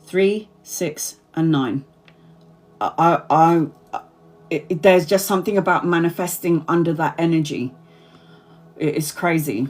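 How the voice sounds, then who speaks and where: A woman's voice: low-pitched, measured pace, pauses often, darkish tone, faint music behind. A woman in her forties, a tarot reader chatting casually to subscribers on a livestream, rambling, repeating herself and laughing often. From Brazil. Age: 40s.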